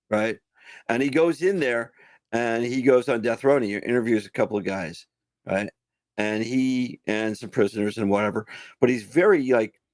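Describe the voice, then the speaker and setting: A man co-hosting a podcast, telling stories in relaxed casual chat and acting out the quotes. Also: mid-range voice, no echo. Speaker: podcast co-host.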